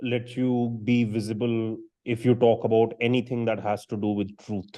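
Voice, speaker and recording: A man hosting a casual podcast conversation, interjecting with quick reactions and questions. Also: mid-range voice, little pitch movement, dark tone. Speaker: podcast host.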